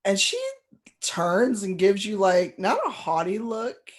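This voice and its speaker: Unhurried tabletop game master. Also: medium pitch. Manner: animated storytelling, playful asides.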